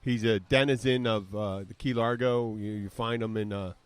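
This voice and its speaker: A man's voice: fairly low pitch, steady tone, moderate pace, clear, resonant tone, no echo. Rambling man with a dry sound. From southern United States. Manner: rambling storyteller, mimics voices while retelling. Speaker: podcast host. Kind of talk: casual chat.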